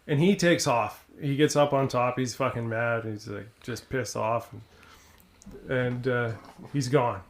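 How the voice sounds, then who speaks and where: A man's voice: mid-range voice, slow pace. A man who is a podcast guest, talking in a blunt, laid-back way. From Canada. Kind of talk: casual chat.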